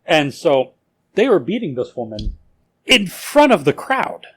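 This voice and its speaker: A man's voice: a little high, huge pitch swings, measured pace, slightly rough. A man co-hosting a casual podcast, telling a history story in a rambling way with lots of filler words and swearing. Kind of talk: casual drinking-game podcast chat.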